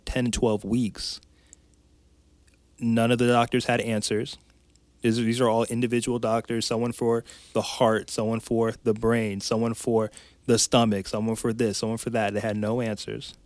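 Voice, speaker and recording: Man, mid-pitched, candid emotional storytelling, dry voice. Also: level tone, normal speed, darkish tone, no room sound. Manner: candid and emotional, tumbling phrases with restarts. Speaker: podcast guest, life coach. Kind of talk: personal storytelling in conversation.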